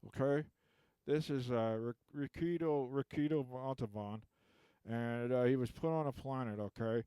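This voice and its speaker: Sex: male. Style: rambling comic monologue, keeps asking "okay?". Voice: smooth and resonant, mid pitch. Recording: dry, close. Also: unhurried, dark tone, no room sound. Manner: rambling, tacks on "okay?" constantly. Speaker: comedian recapping a film.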